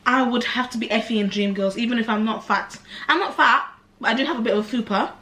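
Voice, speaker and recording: A tipsy young woman co-hosting a casual chat, bubbly and quick to giggle. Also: on the high side, bright, forceful tone. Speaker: co-host, singer. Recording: echoey room.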